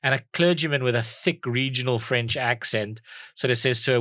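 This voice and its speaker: A man's voice: medium pitch, brisk, a bit bright, no echo. A man co-hosting a casual comedy podcast, telling a history story with many ums and restarts. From South Africa. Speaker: podcast co-host.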